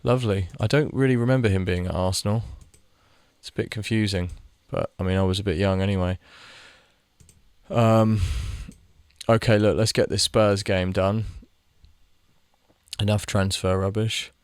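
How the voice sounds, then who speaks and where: Rambling young man, low voice. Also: steady tone, moderate pace, clear, resonant tone, dry recording, clean studio sound. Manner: rambling, chatty, swears freely, talks to in-game players. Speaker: gaming video creator. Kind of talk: casual gameplay commentary.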